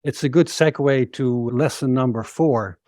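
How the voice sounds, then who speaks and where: A male host asks his guest thoughtful, measured questions. His voice sits at a middle pitch, and the recording is close and dry with no room echo. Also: dark tone. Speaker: podcast host. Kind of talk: interview questions.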